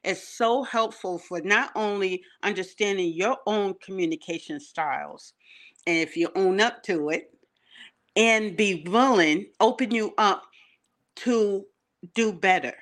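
Earnest woman coach, mid-pitched voice. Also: unhurried, a bit bright. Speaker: leadership coach and minister. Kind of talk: conversational interview.

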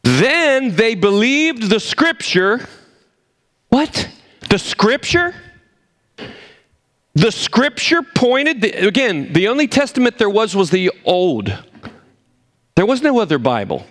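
Male pastor, sermon, high-pitched voice, emphatic then hushed asides. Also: a little slow. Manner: animated, swings between loud emphasis and low asides.

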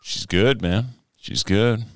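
A man's voice: lowish voice, slow pace, clean tone, no room sound, clean studio sound. A man hosting a casual podcast chat, laid-back and supportive, mostly giving short replies. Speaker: podcast host.

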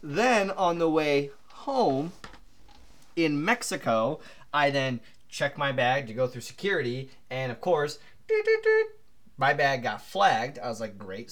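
A man co-hosting a podcast, telling a long anecdote in an animated, rambling way full of fillers. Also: medium pitch, moderate pace. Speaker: podcast co-host. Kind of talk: casual storytelling chat.

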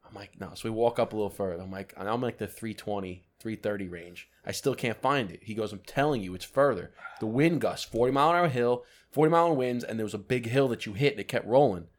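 A man co-hosting a podcast, telling a story in casual chat, animated and swearing often. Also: on the low side, fast talker, few pauses. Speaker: podcast co-host.

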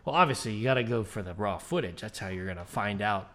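A man in a casual podcast chat, halting and restarting as he thinks aloud. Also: lowish voice, expressive, a bit bright, a little hiss or hum. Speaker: podcast co-host.

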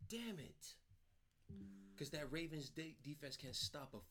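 A man co-hosting a sports podcast in casual chat, given to animated, profane rants. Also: fairly high pitch, a little slow, music in the background.

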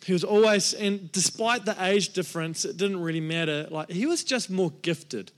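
A man's voice: high-pitched, moderate pace. A middle-aged male pastor giving a sermon, telling a candid, self-deprecating personal story with acted-out quotes.

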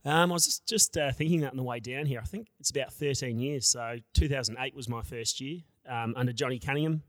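A man's voice: mid-range voice, fast talker, no room sound. An Australian man in his thirties, a podcast guest, recalling old matches in a reflective, rambling way. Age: 30s. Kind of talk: casual interview.

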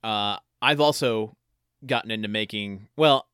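A man's voice: on the low side, unhurried, a bit bright, smooth, no room sound. A man co-hosting a podcast, chatting casually with hesitant restarts and dry humor. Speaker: podcast co-host. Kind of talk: casual chat reviewing a sitcom episode.

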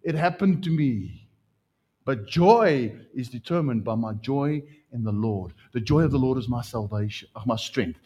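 A middle-aged man preaching a lively sermon as pastor, his voice leaping higher when he gets excited. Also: normal speed, hardly any pauses, slightly rough. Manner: animated preaching, pitch jumping up when excited.

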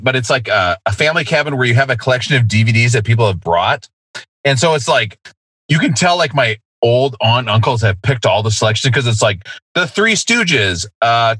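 Man, podcast host, middle-aged, casual profane chat, lively pitch, raspy, dry sound. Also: dry recording. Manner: profane, animated, laughing.

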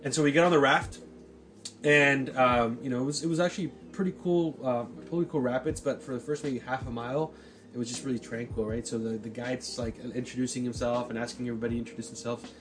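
A man in his forties telling a story in casual chat, profane and animated, often checking in with "right?". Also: mid-range voice, fast talker, music in the background.

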